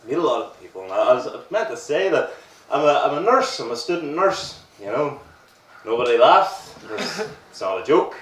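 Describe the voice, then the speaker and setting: A man's voice: mid-range voice, sing-song, a little fast, a bit bright, slight background noise. A Northern Irish man in his twenties doing a stand-up set, crude and self-mocking, with rambling asides. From Northern Ireland. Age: 20s. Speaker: stand-up comedian. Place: comedy venue with a live audience. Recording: roomy live audio, distant mic, crowd laughter. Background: audience laughter.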